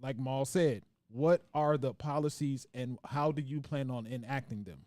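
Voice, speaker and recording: A man's voice: mid-range voice, moderate pace, darkish tone, no echo, clean studio sound. A man hosting a casual podcast discussion, rambling and restarting his sentences as he works through a point. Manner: reads out viewer comments.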